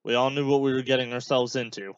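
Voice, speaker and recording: A man hosting a podcast, making relaxed, offhand running remarks while he watches a match. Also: mid-range voice, quick pace, smooth, no echo, muffled recording. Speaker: podcast host. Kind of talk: casual live commentary while watching a match.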